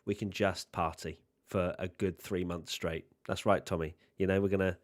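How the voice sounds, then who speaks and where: A man's voice: low-pitched, steady tone, moderate pace. A British man hosting a casual livestream watchalong, upbeat and jokey as he reads out viewer comments.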